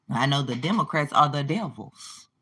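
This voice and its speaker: A woman's voice: low voice, animated, moderate pace, noisy background. A woman in her forties hosting a casual political commentary vlog, talking emphatically and laughing between her points. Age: 40s. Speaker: channel host.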